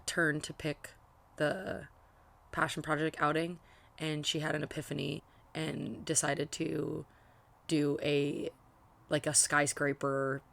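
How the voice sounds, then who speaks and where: A woman's voice: low voice, vocal fry, fairly bright tone. A young woman chatting casually about a book she is reading, rambling with lots of fillers and restarts. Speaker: book vlogger. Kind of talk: casual book reaction chat.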